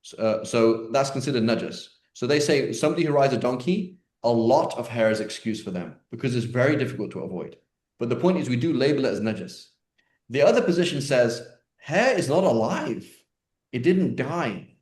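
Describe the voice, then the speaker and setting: A man leads a relaxed online class, answering questions in a chatty, joking manner and often restarting his sentences. His voice sits at an ordinary pitch. It carries a roomy echo around it. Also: fairly quick. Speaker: teacher.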